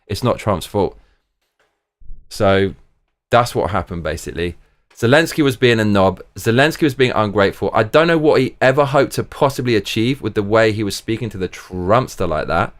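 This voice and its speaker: A man hosting a live stream, talking casually and excitably, often trailing off into mumbles. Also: lowish voice, normal speed. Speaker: livestream host.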